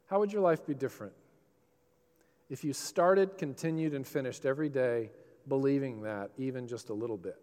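A man preaching a sermon, swinging between loud, passionate emphasis and hushed, tender quoted lines. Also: mid-range voice, normal speed. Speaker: pastor. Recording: long hall reverb.

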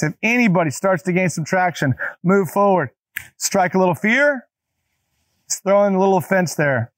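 A man's voice: high-pitched, lively intonation, normal speed, dry recording. A man preaching a conversational sermon, talking straight to his listeners and repeating key phrases for emphasis. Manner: casual, talks directly to listeners. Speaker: pastor.

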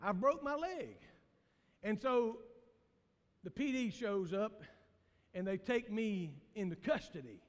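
High-voiced Southern pastor preaching in a church hall. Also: male voice, expressive, slow, pauses often. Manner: preaching with big swings from loud shouting to hushed low tones. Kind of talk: sermon. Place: church sanctuary.

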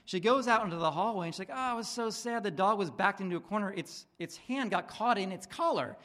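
Animated, high-pitched male preacher. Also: brisk. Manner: casual, rambling preaching with many restarts and fillers; acts out dialogue in animated voices. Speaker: pastor. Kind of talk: sermon.

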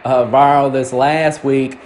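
A man's voice: medium pitch, flat delivery, takes it slowly, a little mellow, slight background noise. A man with a South Mississippi accent hosting a show, asking rambling, folksy questions in casual chat. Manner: rambling, searching for words, folksy. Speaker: radio show host.

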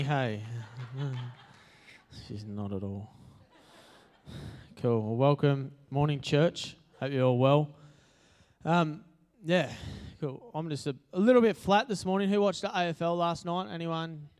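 A man's voice: on the high side, a little slow. Chatty Australian man preaching. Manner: chatty, self-deprecating, lots of fillers. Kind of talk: casual sermon. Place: church hall.

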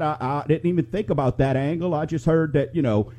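A man's voice: a little high, brisk, dark tone. A middle-aged man hosting a live talk radio show, chatting and telling rambling stories to listeners. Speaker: radio show host and mortgage lender.

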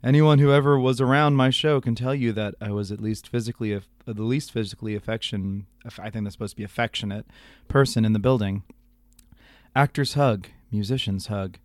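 A man doing an impression of an older male radio storyteller, reading in a low, slow, deadpan way very close to the microphone. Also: no room sound, close to an everyday voice. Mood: self-pitying.

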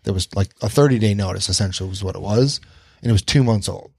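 A man's voice: fairly low pitch, quick pace, creaky, a little mellow, husky, no room sound. A man hosting a podcast, telling a story casually, swearing freely and acting out the lines of the people in it. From Detroit area. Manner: swears freely, acts out quoted dialogue. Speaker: podcast host.

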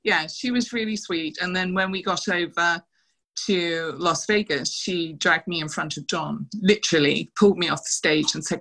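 A middle-aged woman recounts her days as a dancer, slipping into other people's lines as she tells each story. Her voice sits a little low, yet it comes across crisp and bright. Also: moderate pace, rough recording. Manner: animated anecdotes, quoting others with laughs. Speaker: interview guest, former showgirl dancer. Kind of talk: casual storytelling interview.

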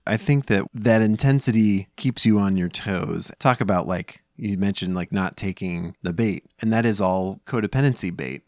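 A man in his thirties co-hosts a podcast, chatting casually at home in a rambling way full of fillers and restarts. His voice is fairly low and darkish, at a moderate pace with few pauses, recorded in studio quality with no echo.

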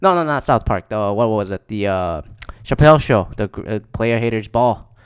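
A man's voice: on the low side, animated, moderate pace, smooth. A man casually recounting games he went to, rambling and swearing, with lots of fillers. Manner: profane, rambling, with frequent fillers.

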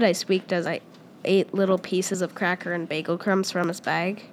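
A woman reading a first-person story aloud as its storyteller, pausing and restarting often with repeated words. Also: lowish voice, level tone, slight background noise.

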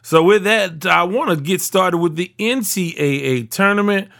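A man's voice: high-pitched, normal speed, gravelly, fairly bright tone. A middle-aged man hosting his own sports talk podcast, talking in a rambling, conversational way full of asides. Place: recorded in Houston, Texas.

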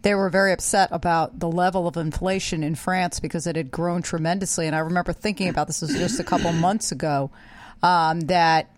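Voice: medium pitch, fairly even intonation, brisk, no echo. Agreeable co-host in a dry room. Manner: agreeable, brief interjections. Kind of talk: casual political chat.

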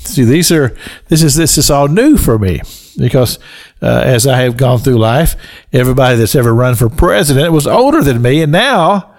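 A man's voice: mid-range voice, expressive, normal speed. An older man, hosting a Christian radio show in a folksy, earnest, conversational way. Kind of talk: devotional radio talk.

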